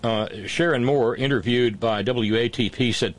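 A man's voice: medium pitch, normal speed, few pauses, no room sound. A man hosting a political talk show, ranting angrily and sarcastically with profanity and stammered restarts.

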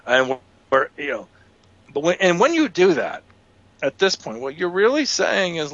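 A man's voice: on the high side, very animated, moderate pace, a bit bright, lo-fi sound. A man co-hosting a casual political chat who laughs often and makes long, earnest run-on points. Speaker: podcast co-host.

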